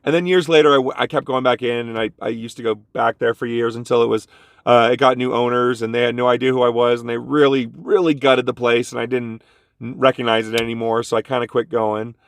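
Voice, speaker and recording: A man's voice: medium pitch, brisk, clear, resonant tone, no echo. A man telling a casual story about a bad job to his vlog audience, jumping into the voices of the people in it. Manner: animated, jumps into quoted voices. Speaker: vlogger.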